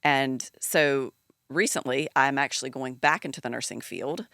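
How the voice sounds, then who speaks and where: A woman in her forties with a Southern US accent, a podcast guest chatting casually, laughing easily and filling pauses with ums. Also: very deep voice, gravelly, no room sound, clean studio sound. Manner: chatty, warm, laughs easily, many fillers. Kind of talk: casual chat.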